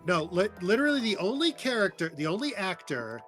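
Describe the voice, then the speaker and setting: A man's voice: high-pitched, fairly quick, over loud music. A man co-hosting a gaming stream, chatting casually and retelling scenes with quoted lines. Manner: animated storyteller, quotes lines. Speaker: streamer co-host. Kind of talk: casual chat while gaming.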